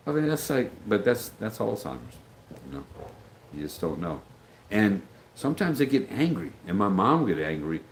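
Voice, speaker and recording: Deep-voiced middle-aged guy rambling on his livestream, reading chat comments, slight background noise. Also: very animated, normal speed, poor audio. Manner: rambling, loses his train of thought, acts out quoted voices.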